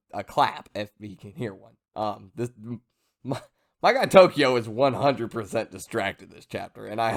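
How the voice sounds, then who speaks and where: A young man casually recapping a manga chapter, rambling with joking asides and lots of fillers. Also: medium pitch. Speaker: manga reviewer.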